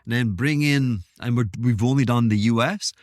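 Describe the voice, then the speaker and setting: A man's voice: medium pitch, normal speed, dry recording, clean studio sound. A man hosting his own podcast, talking in a rambling, self-interrupting way with wry asides. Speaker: podcast host. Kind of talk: casual solo monologue.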